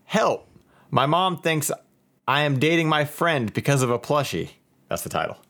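Co-host, mid-pitched, lively intonation, playful and teasing. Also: normal speed. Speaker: podcast co-host. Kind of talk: casual chat.

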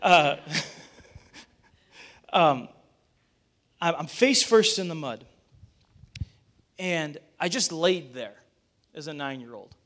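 A man's voice: fairly high pitch, expressive, very slow, pauses often, fairly bright tone. A young adult man, a pastor, preaching a sermon, telling a story and rising to urgent calls to get up.

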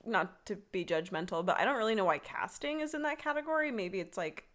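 A woman's voice: medium pitch, lively intonation, fairly quick, a bit bright. Frank, laughing young woman podcaster. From Southern United States. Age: young adult. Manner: frank, laughs often, joking. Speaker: podcast co-host. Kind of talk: casual chat.

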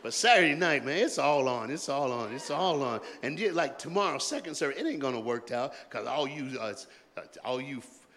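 A man preaching a sermon in a loose call-and-response style, joking in colloquial asides and swinging between shouted rallying lines and hushed, quiet talk. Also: medium pitch, lively intonation, normal speed, background noise. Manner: jokey, colloquial and emphatic. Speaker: pastor. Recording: long hall reverb.

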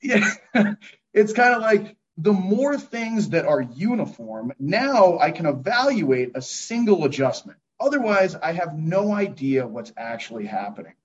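Man, podcast host, slightly high voice, rambling, reflective, casual swearing. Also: sing-song, a little slow. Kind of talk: casual interview chat. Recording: dull lo-fi recording.

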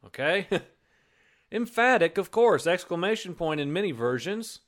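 A man's voice: high-pitched, animated, normal speed. A man preaching a sermon in a conversational way, with restarts and acted-out quotes. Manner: conversational, repeats words, acts out quotes.

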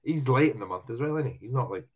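A man's voice: medium pitch, lively intonation, fast, a crowd in the background. Sweary laughing man on a lo-fi call. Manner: sweary, mock-indignant, lots of laughing. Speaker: comedian co-host. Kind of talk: casual podcast banter. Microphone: video call.

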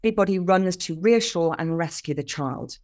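A woman's voice: fairly low pitch, brisk. Older woman, earnest and explanatory. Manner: earnest and explanatory, with lively emphasis. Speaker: podcast guest. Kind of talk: casual conversation.

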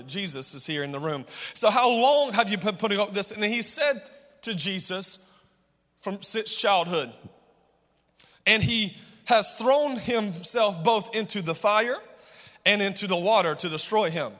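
A man's voice: high voice, lively intonation, measured pace, a bit bright. A male pastor preaching a sermon, calling on the congregation to respond. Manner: preaching with call-and-response, impassioned. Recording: long hall reverb.

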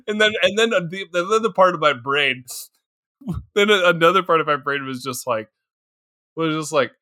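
A man's voice: fairly high pitch, expressive, unhurried, long pauses, pushed and bright. A man co-hosting a podcast in casual chat, laughing often and acting out silly voices. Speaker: podcast co-host.

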